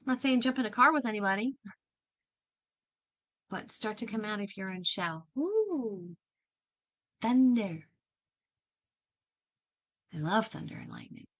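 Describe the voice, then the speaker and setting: Woman host, casual inspirational monologue, warm-hearted pep talk, chatty with questions. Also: mid-range voice, big pitch swings, measured pace, pauses often. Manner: chatty, encouraging, asks many questions; laughs easily, restarts words.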